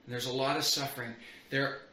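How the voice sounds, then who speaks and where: A man's voice: medium pitch, little pitch movement, fairly quick, bright, forceful tone, slight background noise. A middle-aged man preaching a sermon as pastor, earnest and building on repeated phrases. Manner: earnest, repetitive build-ups. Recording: roomy echo.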